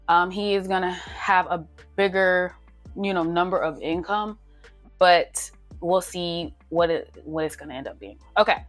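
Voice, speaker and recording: Young woman, low-pitched, chatty and playful, faint music behind. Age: young adult. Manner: chatty, playful, self-teasing, counts numbers aloud. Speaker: budgeting vlogger. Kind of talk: casual chat while budgeting on paper.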